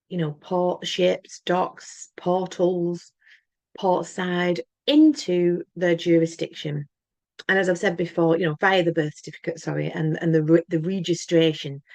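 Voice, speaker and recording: A woman's voice: low voice, creaky, a little mellow, no room sound. A woman talking in an earnest, emphatic monologue to camera, rambling and often restarting her words. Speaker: channel host.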